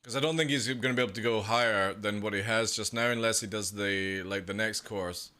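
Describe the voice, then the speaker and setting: A man reacting casually on a live stream, excitable, swearing freely and laughing often. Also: on the low side, fairly quick.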